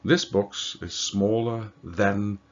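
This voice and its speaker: A man, a native Dutch speaker, giving a slow, deliberate grammar lesson with occasional fillers and self-corrections. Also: on the low side, steady tone. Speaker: language teacher. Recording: dull lo-fi recording.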